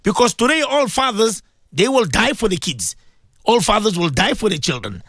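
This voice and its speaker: A man's voice: sits high, very animated, moderate pace, a bit bright, slightly rough, dry recording, studio quality. A man hosting an Islamic radio show, preaching with passion, asking rhetorical questions and repeating himself for emphasis. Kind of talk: impassioned religious radio talk.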